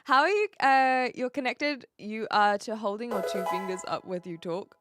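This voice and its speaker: Over music, a woman with a light Kiwi accent from New Zealand chats casually on a live stream, her voice a little high and her speed normal. She laughs a lot while responding to viewers' messages.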